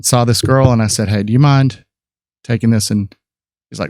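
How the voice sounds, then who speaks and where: A photographer in his fifties, appearing as a podcast guest, tells rambling stories about his life in a casual chat, full of fillers and restarts. His medium-pitched voice is a little mellow with fairly even intonation at a normal speed, in a dry, studio-quality recording.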